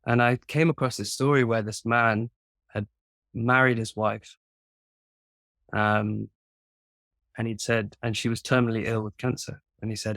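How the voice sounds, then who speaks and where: A man's voice: mid-range voice, level tone, measured pace, pauses often, a bit bright, no echo, studio quality. A young man with a posh English accent, a songwriter chatting casually and telling stories in a friendly way. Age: young adult. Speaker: songwriter interviewing a guest. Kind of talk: casual chat.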